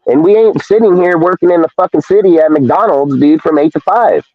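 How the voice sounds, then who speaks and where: A man's voice: fairly high pitch, a little fast. A man ranting bluntly about pro football pay on a live sports talk show, heavy with profanity and emphatic repeats. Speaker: podcast co-host. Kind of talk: heated sports talk rant. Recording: thin phone-like call audio, dry.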